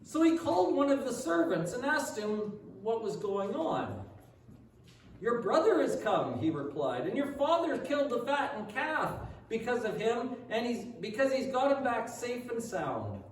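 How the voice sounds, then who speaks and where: A man's voice: high-pitched, echoey room, distant mic, slight background noise, rough recording. A man preaching a sermon as a pastor, reading scripture aloud and then voicing the older son's complaint with rising intensity.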